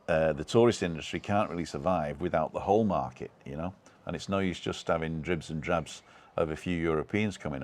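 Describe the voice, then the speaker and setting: Very deep-voiced British man chatting live. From United Kingdom. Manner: rambling, chatty, with many fillers and restarts. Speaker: live stream host. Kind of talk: casual live-stream chat reading comments.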